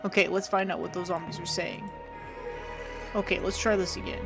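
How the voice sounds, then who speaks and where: A woman hosting a let's play, relaxed, reading the detective's lines aloud in her own plain voice as she plays. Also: on the low side, brisk, creaky, pauses often, over music. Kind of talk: reading game dialogue aloud while playing.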